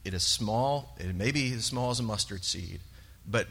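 A man sharing a personal testimony in church, earnest and halting, with many pauses and fillers. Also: on the low side, bright, forceful tone. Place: church sanctuary. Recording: long reverb of a large hall.

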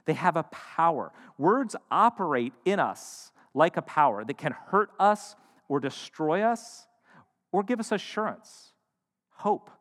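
A man preaching a sermon, shifting between loud emphatic lines and hushed, quiet ones. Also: on the high side, big pitch swings, measured pace. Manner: dynamic, swings from loud to hushed. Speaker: pastor. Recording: long hall reverb.

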